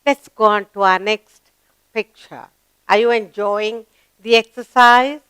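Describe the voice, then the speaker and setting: Woman teacher, Indian English accent, slow and encouraging for small kids, smooth voice, dry close recording. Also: mid-range voice, fairly bright tone, no echo. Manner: encouraging, asks questions and answers them herself; drawn-out, sing-song reading of sentences. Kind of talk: slow grammar lesson for young children.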